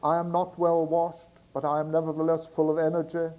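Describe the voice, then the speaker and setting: A man shouting in a blustering voice as a rough, boastful old sailor in a comic poem he reads aloud. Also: fairly high pitch, completely flat delivery, brisk, muffled recording, close to an everyday voice.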